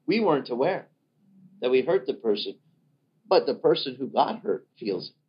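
A man preaching a sermon in an animated way, acting out the voices of the people he quotes. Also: mid-range voice, normal speed, husky. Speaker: pastor. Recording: dull lo-fi recording.

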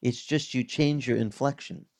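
A male pastor with a creaky, mid-range voice preaches a sermon at normal speed, reading scripture and explaining it. His teaching style is conversational and animated, with vivid reenactments.

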